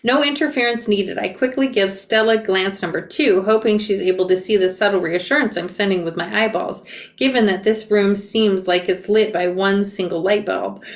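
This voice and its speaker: A woman reading a memoir aloud and breaking off for quick asides and self-corrections. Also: mid-range voice. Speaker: reader reacting to a memoir. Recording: roomy echo.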